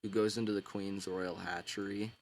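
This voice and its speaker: A man's voice: low-pitched, flat delivery, moderate pace, slight background noise. A man casually retelling a book's story in a rambling, slangy way, full of filler words. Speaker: book summarizer.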